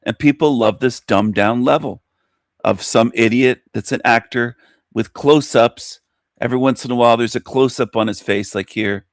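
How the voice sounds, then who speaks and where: A man's voice: medium pitch, moderate pace, no room sound, studio quality. A man hosting a reaction commentary, mocking and confronting the video he is watching. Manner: mocking, confrontational, talks back at the clip.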